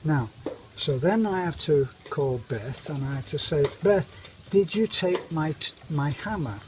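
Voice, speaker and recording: A man's voice: a little high, lively intonation, measured pace. A middle-aged British man telling a wry, self-mocking story in a casual vlog. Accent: British English. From Britain. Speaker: expat vlogger. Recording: noisy outdoor recording.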